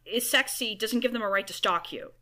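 A woman's voice: a little high, a little fast, bright, forceful tone. A woman co-hosting a podcast, chiming in with emphatic, opinionated remarks in casual chat. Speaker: podcast co-host.

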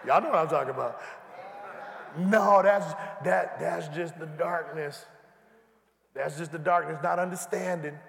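High-voiced preacher in an echoey hall. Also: male voice, unhurried, creaky, pauses often. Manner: preachy call-and-response, builds to shouting. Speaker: pastor. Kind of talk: sermon. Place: large church hall.

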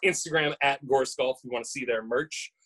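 Husky, playful man on a podcast. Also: mid-range voice, fairly quick, fairly bright tone, poor audio. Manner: playful, teasing, stammers on restarts. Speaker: podcast co-host. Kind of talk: casual podcast chat.

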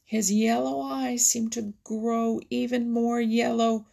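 Woman narrator, storybook reading, slow, gravelly, raspy. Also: on the high side. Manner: lively, expressive storytelling with soft whispered asides.

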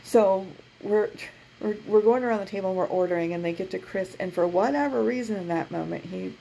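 A woman sharing a story in casual chat from her office, animated and breaking into laughter as she acts out what others said. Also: medium pitch, a little fast, creaky, slight background noise, poor audio. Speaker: podcast co-host.

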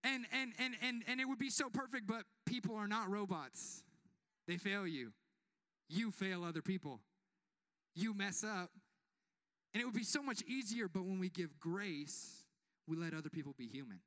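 A man's voice: sits high, animated, normal speed, sharp tone. A young man giving a conversational, joking sermon as a pastor, often asking the congregation to respond. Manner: conversational, joking, asks the crowd for amens.

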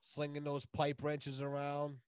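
A man guesting on a podcast, ranting loudly and swearing heavily in casual chat. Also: a little high, monotone, a little slow, background noise. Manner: loud, swearing, heated. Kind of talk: casual profane rant.

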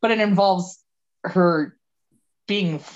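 Lower-pitched woman, chatty podcast retelling. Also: takes it slowly, dull audio. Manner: animated retelling with laughter and quoted dialogue. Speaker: podcast co-host. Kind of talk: casual chat recapping a movie.

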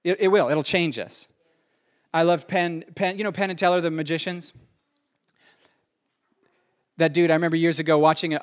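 Male pastor with a high voice and an earnest, conversational preaching style that leans on repetition. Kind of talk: sermon.

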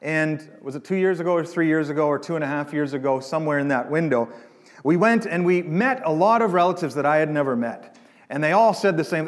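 A man's voice: on the high side, lively intonation, fairly quick. A man preaching a sermon as pastor, conversational and jokey, with asides to his listeners. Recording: long hall reverb.

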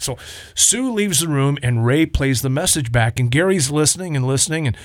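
A man who is a pastor, chatting casually and telling a story with lively acted-out quotes, on a close mic. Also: a little high, fairly quick, no room sound. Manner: animated storyteller, acts out quotes. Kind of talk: casual chat.

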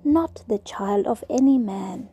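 A woman whispering as soft, dignified Mary. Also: medium pitch, expressive, measured pace, muffled recording, natural voice. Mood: earnest. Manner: soft, earnest, insistent. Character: gentle young woman, softly dignified. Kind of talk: whispered role-play.

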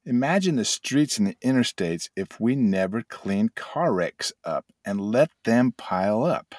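A man's voice: lowish voice, expressive, unhurried, a little mellow, no echo. An older man hosting a motivational talk, telling folksy stories and acting out little sound effects. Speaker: host and addiction mentor trainer.

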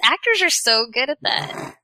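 A woman's voice: high voice, sing-song, moderate pace, sharp tone, no echo, rough recording. A woman co-hosting a podcast in casual chat, chatty and enthusiastic, drawing out her words. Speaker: podcast co-host.

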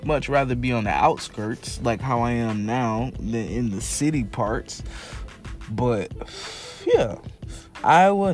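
A man hosting a casual solo podcast, talking loosely in slang with animated swings and cursing. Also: fairly low pitch, gravelly. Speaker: podcast host.

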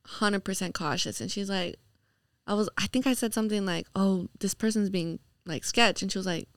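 A woman, telling stories as a podcast guest in relaxed casual chat, full of "like" and the odd swear. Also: mid-range voice, moderate pace, smooth, no echo, studio quality. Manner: relaxed storytelling, heavy with "like" and swearing.

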